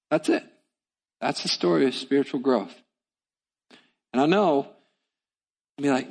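A man's voice: fairly high pitch, unhurried, vocal fry, long pauses, darkish tone, breathy edge. Emphatic male pastor preaching in a reverberant hall. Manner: emphatic, repetitive preaching cadence. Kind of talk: sermon.

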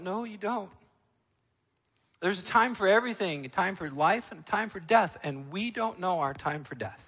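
A male pastor preaching a sermon, emphatic, moving between loud, ringing lines and quiet, low ones. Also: normal speed, in a large hall.

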